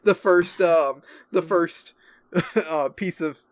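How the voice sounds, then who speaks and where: Brief: man co-hosting a podcast, rambling and laughing, high lively voice, dry close sound. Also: slow, no echo. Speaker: podcast co-host. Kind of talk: casual chat.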